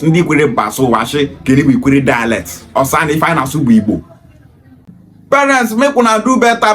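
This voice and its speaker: Nigerian man, preachy, emphatic, high voice, rhetorical questions. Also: a bit bright. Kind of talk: impassioned monologue in Pidgin and Igbo.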